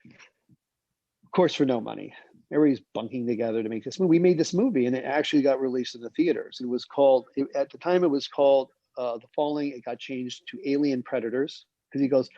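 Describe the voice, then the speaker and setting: An American film director in his sixties tells rambling anecdotes about his career, acting out the quoted dialogue in a casual storytelling way. His voice is medium-pitched and warm, a little fast, with no echo, though the lo-fi recording sounds dull.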